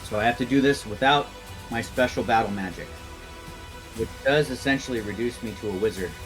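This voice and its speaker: A man of middle pitch plays in an online tabletop game, talking through his moves in a casual, musing way. He fills pauses with ums and corrects himself as he goes. Faint music runs underneath. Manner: chatty, thinks aloud with ums.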